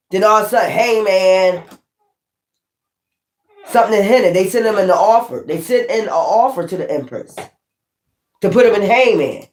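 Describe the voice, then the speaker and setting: A woman giving a casual spiritual tarot reading, swearing often and repeating her points for emphasis. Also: medium pitch. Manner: profane, emphatic and repetitive. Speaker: tarot reader. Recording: echoey room.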